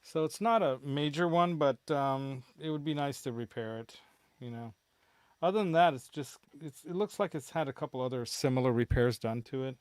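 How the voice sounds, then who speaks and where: A man's voice: mid-range voice, normal speed, a little mellow, clear, resonant tone, no echo. A middle-aged man hosting a casual livestream from his home studio, rambling with a lot of fillers and chuckles. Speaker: show host.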